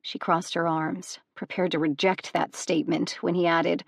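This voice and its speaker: A woman narrating an audiobook in a steady, even storytelling manner. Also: on the low side, moderate pace, creaky, hardly any pauses, no echo, clean studio sound. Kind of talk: scripted narration.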